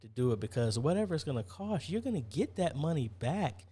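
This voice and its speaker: A man's voice: on the high side, sing-song, fairly quick, dark tone, slightly rough. A man hosting a casual live-stream Q&A, chatty, reading viewer comments aloud and answering them.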